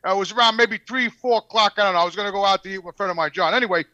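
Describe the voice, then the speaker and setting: New guy ranting thru a story, swears a lot, fast talker. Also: high-pitched, no room sound, muffled recording. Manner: profane, excitable storyteller. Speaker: podcast regular. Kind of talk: storytelling on a podcast.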